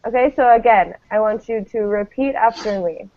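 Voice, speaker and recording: A woman leads a pronunciation lesson at normal speed, her voice slightly high, patiently modelling each English word for the class to repeat. The sound is a tinny, phone-like classroom recording.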